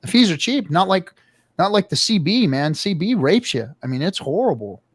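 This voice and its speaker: Give me a profane, animated middle-aged man chatting on a livestream, dry mic. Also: high voice, moderate pace, slightly rough, no echo. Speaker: show regular. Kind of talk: casual livestream chat.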